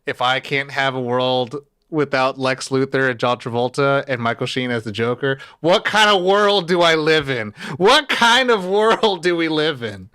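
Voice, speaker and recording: Animated man in casual movie chat. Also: mid-range voice, moderate pace, few pauses, clean tone, no echo, clean studio sound. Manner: animated, acts out lines in quoted voices. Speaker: podcast co-host.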